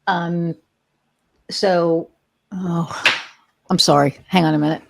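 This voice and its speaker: A woman's voice: on the low side, steady tone, slow, creaky. A woman in her sixties hosting a podcast, telling rambling, chatty stories and joking about her age. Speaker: podcast host. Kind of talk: casual conversational interview.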